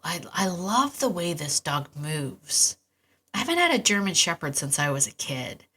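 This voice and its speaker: Low-pitched woman with a bright voice, middle-aged, chatty podcast host. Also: very animated, moderate pace, husky. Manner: chatty and enthusiastic, with restarts and asides. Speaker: podcast host and dog trainer. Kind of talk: casual solo podcast talk.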